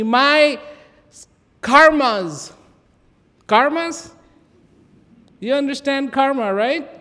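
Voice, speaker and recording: A man's voice: sits high, gravelly, exaggerated voice. A man voicing a poor, weeping man who plaintively laments his bad luck, inside a reverberant hall. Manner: plaintive and self-pitying. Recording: long reverb of a large hall.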